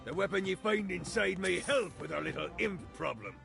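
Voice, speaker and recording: A man's voice: high-pitched, animated, moderate pace, creaky, heavily acted. An actor playing a boastful male pirate captain in a video game, speaking in theatrical pirate talk. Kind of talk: video game character dialogue. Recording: game audio over loud music. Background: loud game music.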